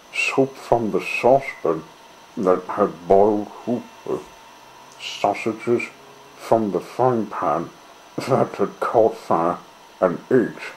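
A man reading a children's story aloud in a gentle, measured way. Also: lowish voice, slight background noise, low-quality recording.

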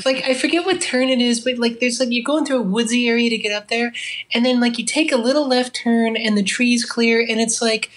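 A woman's voice: a little high, fairly even intonation, fairly quick. A woman comedian calling in to a podcast by phone, chatting casually with a wry, joking manner. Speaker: guest comedian. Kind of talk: casual chat. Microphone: phone call.

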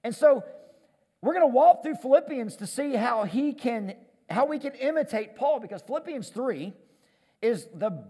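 A man preaching in a church hall, his voice unusually high and swinging widely in pitch. He is animated and self-deprecating, stumbling over repeated words when he gets going. A long reverb trails after his lines. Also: moderate pace, breathy edge. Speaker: pastor. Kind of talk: sermon. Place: church stage.

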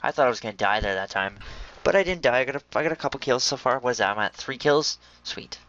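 An excitable young man talks through his game, chatting straight to his viewers. His voice sits at an ordinary pitch and comes through a slightly dull, lo-fi mic. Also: fast. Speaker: gameplay commentator. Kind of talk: casual gaming commentary.

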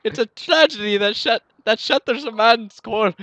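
A man's voice: very high voice, normal speed, pushed and bright, no echo, highs cut off, full character voice. A man voicing a formal, fussy male shopkeeper in a put-on Indian accent, reading stiff old-fashioned lines and giggling through them. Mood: mournful.

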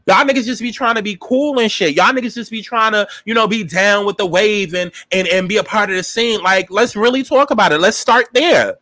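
A man's voice: high-pitched, a little fast, hardly any pauses, pushed and bright, no echo. A man, giving a sassy, profane, dramatic casual commentary as a TV show reviewer. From New York.

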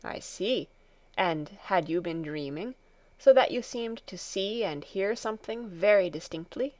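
A woman reading a storybook, voicing a kind, calm male doctor who speaks in a gentle, soothing way. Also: mid-range voice, unhurried, dry recording, close to an everyday voice.

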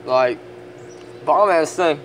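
Man, casual vlog, slangy and laid-back, slightly high voice, faint hum behind. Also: slow pace. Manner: laid-back, slangy, talks affectionately to his dog. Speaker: house painter vlogging his lunch break. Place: work site on a lunch break.

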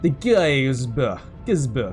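A young English man giving excitable let's-play commentary, laughing and yelling at the game. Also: medium pitch, moderate pace, faint music behind. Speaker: gamer.

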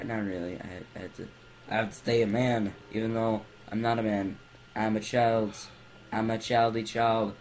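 A man's voice: lowish voice, moderate pace, slight background noise, rough recording. A young man giving jumpy let's play commentary from his bed, breaking into screams and goofy baby talk, on a computer mic. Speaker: gamer. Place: in bed at home.

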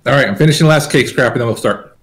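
A man's voice: medium pitch, fast, a bit bright. A man chatting casually before a tabletop game, laughing between remarks.

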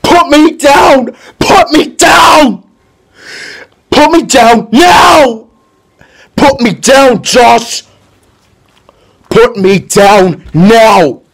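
A man's voice: expressive, very slow, vocal fry, long pauses, fairly bright tone, exaggerated voice. A man doing a sobbing, terrified young man. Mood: yelling. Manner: pleading, sobbing, high and strained. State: crying. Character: frightened, broken 24-year-old young man.

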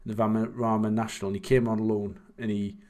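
A man's voice: fairly low pitch, flat delivery, fast, darkish tone. A young man, casually chatting and rambling while commentating on his own game. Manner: rambling, chatty, self-deprecating. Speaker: streamer.

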